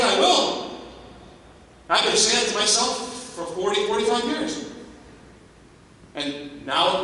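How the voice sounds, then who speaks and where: An older man giving an energetic motivational keynote to a staff convocation, throwing rhetorical questions at the crowd and stressing his points. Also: high-pitched. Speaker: motivational speaker. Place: large hall at a staff convocation. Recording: echoey hall, distant mic, faint noise.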